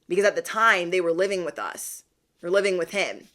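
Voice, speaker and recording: A woman vlogger in a chatty, animated retelling of a family story, using slang as she talks to her viewers. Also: lowish voice, a little fast. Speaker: spiritual vlogger. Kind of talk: casual storytelling.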